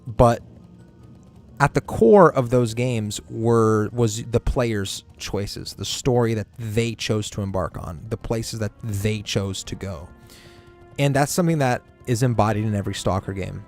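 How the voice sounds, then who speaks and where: Excitable young man rambling about games. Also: on the low side, measured pace, faint music behind. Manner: excited, profane, rambling with restarts. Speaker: streamer. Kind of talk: casual gaming chat.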